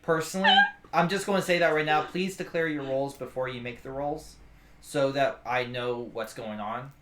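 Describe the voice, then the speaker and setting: A woman narrating a tabletop game as game master, animated with laughing asides. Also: extremely low pitch, moderate pace. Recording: echoey room, faint noise.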